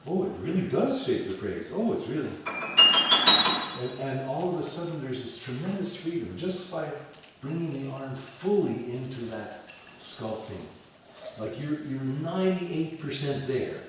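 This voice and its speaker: A man teaching piano in a lecture and demo lesson before an audience, talking in an animated way and singing phrases as da da da. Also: medium pitch, a little slow, a little hiss or hum. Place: large echoey hall with an audience. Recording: echoey hall from far off. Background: piano playing.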